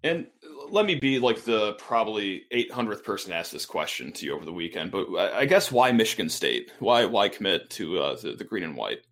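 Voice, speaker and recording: Animated man hosting a sports podcast. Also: on the low side, fairly quick, hardly any pauses. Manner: energetic, joking, animated. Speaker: podcast host. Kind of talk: casual sports podcast talk and ad read.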